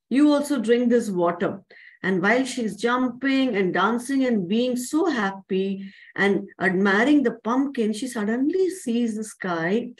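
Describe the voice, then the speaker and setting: Woman, storyteller for kids, animated, asks questions, slightly high voice. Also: poor audio. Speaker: storyteller for children. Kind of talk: children's story narration.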